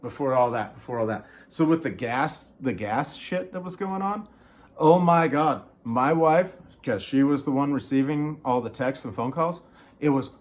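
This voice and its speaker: A man's voice: mid-range voice, lively intonation, normal speed. A man in a small studio apartment, telling a story in a heated, casual rant. He swears often and acts out what other people said. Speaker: vlogger.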